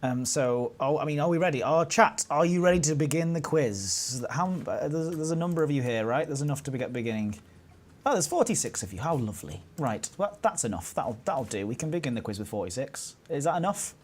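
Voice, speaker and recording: A man's voice: fairly high pitch, lively intonation, brisk, slight background noise. A man hosting a casual live stream, playful and teasing, rambling with restarts. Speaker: stream host.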